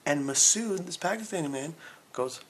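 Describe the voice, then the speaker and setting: A man co-hosting a comedy podcast, telling stories in an animated way, full of laughs and quoted voices. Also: fairly high pitch, moderate pace, a little hiss or hum. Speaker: podcast co-host.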